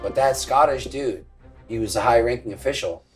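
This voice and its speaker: A man's voice: mid-range voice, moderate pace, faint music behind. A tipsy man rambling through a comic history story, laughing and swearing as he goes. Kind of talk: tipsy comedic history retelling.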